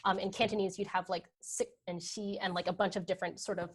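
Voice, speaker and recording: A woman's voice: mid-range voice, flat delivery, quick pace, slightly rough. Woman academic fielding questions; tentative, filler-heavy, asks "right?" a lot. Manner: thinking aloud, many ums and "right?" checks; hedging with "sort of" and "like". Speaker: guest speaker, history professor. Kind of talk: academic Q&A answers.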